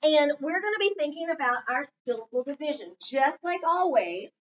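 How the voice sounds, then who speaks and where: A woman works one-on-one with a child on phonics, patiently asking prompting questions as a reading tutor. She has a high, animated voice at a moderate pace, and the sound is distant, dull and lo-fi.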